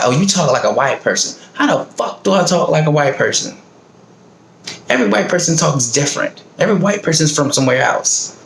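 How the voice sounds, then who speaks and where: A man's voice: medium pitch, a bit bright. A middle-aged man from the American South talking in a blunt, profane, fired-up casual monologue. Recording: roomy echo, faint background noise.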